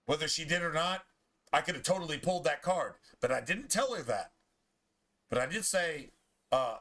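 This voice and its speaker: A man's voice: a little high, lively intonation, normal speed, bright, forceful tone. A man streaming a game, telling a heated, profane story in casual chat. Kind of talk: ranting chat over gameplay.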